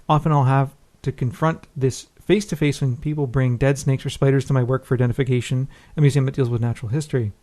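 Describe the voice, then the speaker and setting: Guy cohosting a podcast, talks quick, reads out emails, casual. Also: mid-range voice, a little mellow. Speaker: podcast co-host.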